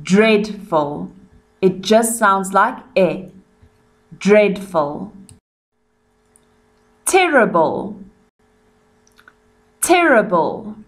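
Slow, careful woman teacher, South African. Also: medium pitch, big pitch swings. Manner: pronounces words slowly and repeats them. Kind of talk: slow revision lesson for young children.

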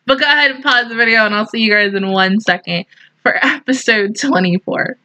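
A young woman with a bright, high-leaning voice reacts to an anime on a close mic. She talks straight to the screen in a casual, emotional way, full of exclamations. The room sounds dry and close. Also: fairly quick, dry recording, poor audio.

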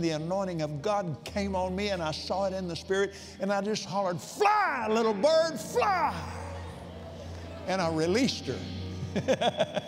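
A man preaching a sermon to a convention crowd, telling a personal story in a heartfelt way, often repeating words as he searches for them. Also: high voice. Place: large convention hall. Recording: long hall reverb, faint music.

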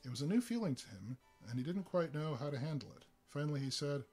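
A man giving a live reading of a story, relaxed, with small slips and fillers. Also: on the high side, quick pace, husky, faint music behind. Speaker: reader.

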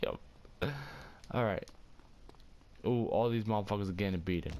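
A young man giving casual gameplay commentary, loud, excitable and cursing heavily, quick to get angry. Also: lowish voice, noisy background. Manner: loud, excitable, heavy cursing, hot-tempered. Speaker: gaming streamer.

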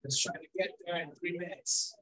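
A man leading a group activity at an event, energetic and playful as he calls out to the crowd. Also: high-pitched, brisk, distant mic, rough recording. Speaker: workshop facilitator. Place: large event hall.

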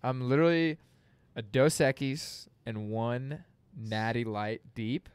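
A man's voice: medium pitch, slow pace, clean tone, dry recording. A young man guesting on a podcast, joking and playful in casual chat.

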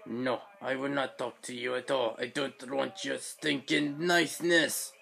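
A man's voice: mid-range voice, fairly even intonation, measured pace, vocal fry, pushed and bright, exaggerated voice. A man putting on a sulky droid, BB-8. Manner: stiff, formal, grumbling complaints. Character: sulky little male robot droid, grudging.

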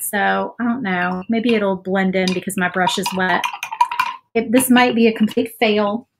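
A woman chatting casually while she paints on a livestream, self-doubting and saying "y'all" often. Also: mid-range voice. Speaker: craft livestream host.

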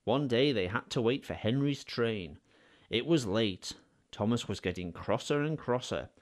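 A man narrating a children's storybook in an expressive, animated way. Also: mid-range voice, measured pace.

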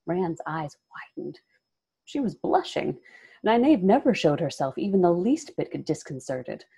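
Low-voiced woman reading a novel aloud. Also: big pitch swings, unhurried, vocal fry, warm tone, husky. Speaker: reader.

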